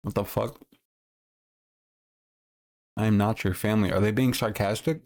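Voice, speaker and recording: A man chats casually on a livestream, his voice sitting a little low. He rambles and circles back with fillers and restarts. He swears freely and bluntly. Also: moderate pace, creaky, darkish tone. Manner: rambling, many fillers and self-corrections; blunt and profane. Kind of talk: casual stream commentary.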